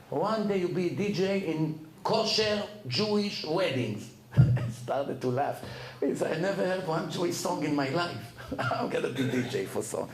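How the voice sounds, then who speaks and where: A rabbi telling personal stories in a lecture, acting out the dialogue. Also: male voice, roomy sound, a little hiss or hum, low-quality recording. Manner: animated, acts out dialogue with rising pitch. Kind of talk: storytelling lecture.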